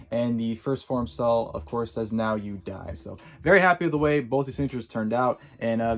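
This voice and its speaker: A male vlogger recounts events in a loose, rambling way, peppering his speech with "like" and "uh". He talks quickly, and his voice sits at an ordinary middle pitch. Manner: rambling, full of "like" and "uh". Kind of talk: casual storytelling to camera.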